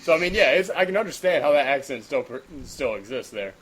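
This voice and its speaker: A man's voice: fairly high pitch, expressive, fast, a bit bright, slight background noise. A man hosting a casual podcast, steering the talk and telling jokey anecdotes with frequent laughs. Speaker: podcast host. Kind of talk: casual chat.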